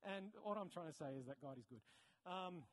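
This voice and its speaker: An Australian man giving a conversational sermon as a preacher, often correcting himself mid-sentence and breaking into animated asides. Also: a little high, a little fast, rough recording.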